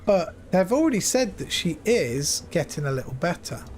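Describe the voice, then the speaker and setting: A man's voice: sits high, big pitch swings, normal speed, a little mellow, a little hiss or hum. A man in his fifties chatting casually to his stream viewers from home, rambling and retelling conversations with lots of repeats. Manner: rambling, repeats himself, retells dialogue with "I says". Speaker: live streamer.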